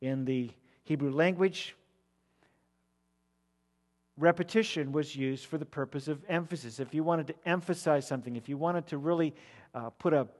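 Emphatic preacher in a reverberant hall. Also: male voice, fairly high pitch. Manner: emphatic, rising to loud declamation on repeated words. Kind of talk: expository sermon. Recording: long reverb of a large hall.

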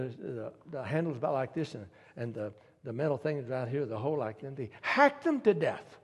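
A man delivers a sermon, moving between quiet storytelling and emphatic appeals. His voice sits a little high and has a husky edge. The sound carries a long reverb, as in a large hall. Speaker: preacher.

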